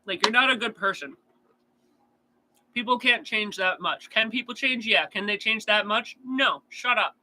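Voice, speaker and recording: A man's voice: sits high, moderate pace, sharp tone, rough recording. A man chatting casually on a true crime stream, answering chat in a blunt, profane rant.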